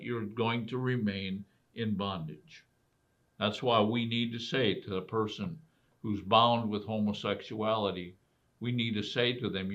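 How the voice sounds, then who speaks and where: A man's voice: on the low side, fairly bright tone. A man preaching a sermon as pastor, asking rhetorical questions and pressing each point with emphasis. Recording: dull lo-fi recording.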